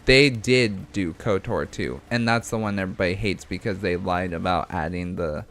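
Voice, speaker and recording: A man with a fairly low voice co-hosts a relaxed gaming livestream. He reads chat messages aloud, wanders through his thoughts and breaks into laughter often. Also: moderate pace. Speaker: livestream co-host reading chat.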